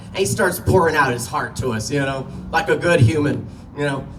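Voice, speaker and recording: A man's voice: a little high, fairly quick, distant mic, noisy background. A man doing a stand-up comedy set, telling a story in a loose, profane way and laughing at his own jokes. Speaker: stand-up comic. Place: small comedy venue.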